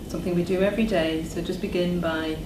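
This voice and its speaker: A woman voice therapist calmly guiding listeners through breathing and voice exercises in a slow, instructional manner. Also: lowish voice. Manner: calm, slow instructional guidance. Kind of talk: demonstrating voice exercises. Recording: distant echoey room with background noise.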